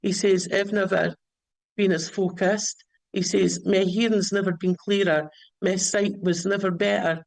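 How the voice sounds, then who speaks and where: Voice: medium pitch, level tone, a little slow, creaky, no room sound, rough recording. A caller telling a story at length, often restarting and repeating words, on a remote line. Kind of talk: rambling storytelling.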